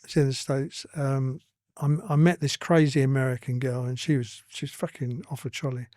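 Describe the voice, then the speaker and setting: A man's voice: mid-range voice, fairly even intonation, brisk, a little mellow, no room sound, studio quality. An older man with an East London accent, telling stories as a podcast guest in a blunt, earthy way and swearing freely. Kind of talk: casual storytelling.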